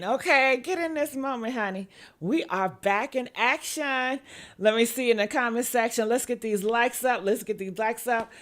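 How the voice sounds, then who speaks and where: A woman hosting a live-stream celebrity gossip vlog, sassy and animated, calling her viewers honey. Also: fairly high pitch. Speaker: gossip vlogger. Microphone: earpiece.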